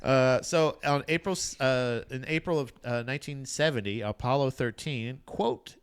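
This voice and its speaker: A man's voice: mid-range voice, normal speed, very noisy. A young adult man co-hosting a casual podcast, telling a history story with lots of fillers and swearing. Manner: profane, rambling storyteller with frequent fillers. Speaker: podcast co-host.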